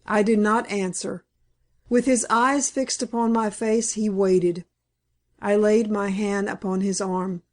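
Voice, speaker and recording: A woman narrates a classic novel in the first person, at an unhurried, deliberate pace. Her voice sits in a middle pitch and stays measured and clear. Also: fairly even intonation, a little mellow. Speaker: audiobook narrator.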